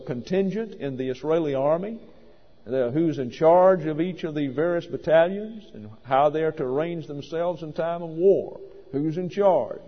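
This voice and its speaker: A man preaching a sermon in an emphatic, wry manner, sometimes stopping to correct himself. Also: a little high. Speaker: pastor. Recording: lo-fi recording in a reverberant hall.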